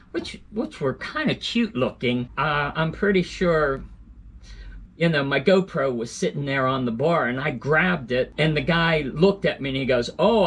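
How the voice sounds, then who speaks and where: A man recounting his trip in a loose, rambling way, circling back with fillers and corrections as he goes. His voice sits a little high for a man. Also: a bit bright. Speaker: vlogger. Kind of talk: casual storytelling to camera.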